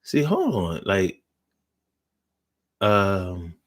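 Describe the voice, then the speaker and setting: Man, livestream host, slangy and profane, lively swinging pitch, unhurried delivery. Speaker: livestream host reading chat. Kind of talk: casual livestream chat.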